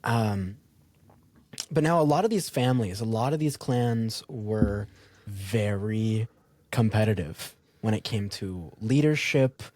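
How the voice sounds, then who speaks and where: A man's voice: lowish voice, slow pace, no echo. A man co-hosting a podcast, telling a castle's history in casual chat, with fillers and frequent laughter. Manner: animated, laughs often, fillers like um.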